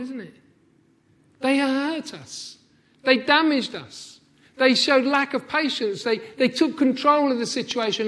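High-voiced male preacher, hushed to emphatic. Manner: swings from hushed to emphatic, repetitive. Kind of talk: sermon.

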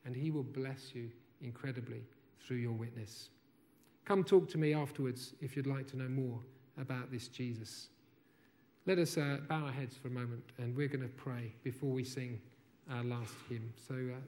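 A man preaching a sermon as a pastor in a church, rising to loud emphatic proclaiming and falling to soft, quiet questions. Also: mid-range voice.

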